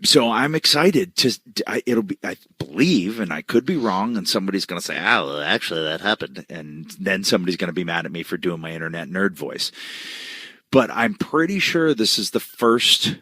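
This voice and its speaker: A man from Canada co-hosting a podcast, joking around in casual chat and laughing loudly. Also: sits low, big pitch swings, moderate pace, slightly rough, dry recording. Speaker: podcast co-host.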